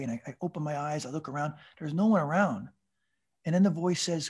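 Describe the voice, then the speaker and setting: A husky-voiced man in his fifties tells his story as a podcast guest. He sits a little high in pitch and speaks in an animated, tumbling way, stammering over repeated words and breaking into laughs. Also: brisk. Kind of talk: storytelling recovery testimony.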